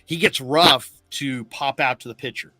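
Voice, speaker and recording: A middle-aged man talks through the game in a bright, forward voice, recorded dry and close on a studio mic. He tells it like a story and jumps into animated voices for quotes. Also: medium pitch, normal speed, no echo, faint music behind. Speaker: sports talk host. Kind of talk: casual postgame recap.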